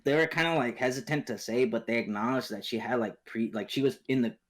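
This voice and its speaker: A man's voice: medium pitch, fast. A young man casually telling a long story to friends, rambling with restarts, slang, swearing and laughing asides. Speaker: podcast co-host.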